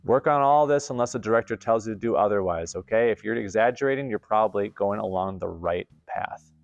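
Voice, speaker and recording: A man hosting a theater camp lesson, explaining acting technique in clear, deliberate scripted narration. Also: fairly low pitch, dull audio.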